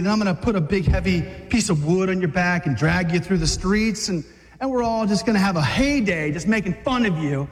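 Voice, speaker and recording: A man's voice: sits high, in a large hall. A man voicing a menacing male devil who whispers temptations and mocking threats.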